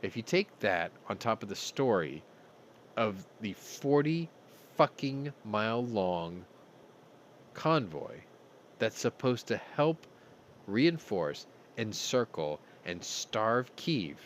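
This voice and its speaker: A man's voice: on the low side, very animated, slow pace, slight background noise. Profane, heated male news commentator. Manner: blunt and profane, speaks with anger. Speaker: host.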